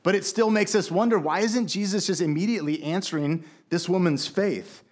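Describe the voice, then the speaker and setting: Casual preaching man, higher voice. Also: fairly quick, darkish tone. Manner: casual conversational preaching with many fillers. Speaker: pastor. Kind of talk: sermon.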